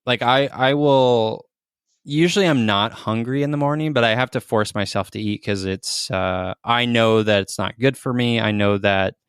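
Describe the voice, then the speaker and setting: A man hosting a podcast in casual chat, affirming his guest with quick agreement and halting restarts. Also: medium pitch, clean tone, no echo, clean studio sound. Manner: affirming, stammering restarts, laughs easily. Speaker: podcast host.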